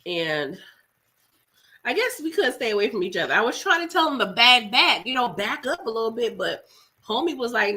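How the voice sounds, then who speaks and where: A young woman with flu, hoarse and congested, casually chatting with live-stream viewers while eating, slangy with laughing asides. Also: a little high, sing-song, moderate pace, bright, forceful tone.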